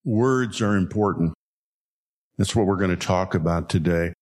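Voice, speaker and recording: Low-voiced man preaching with folksy warmth. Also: noisy background. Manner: folksy storytelling, repeats key lines slowly for emphasis. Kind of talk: sermon.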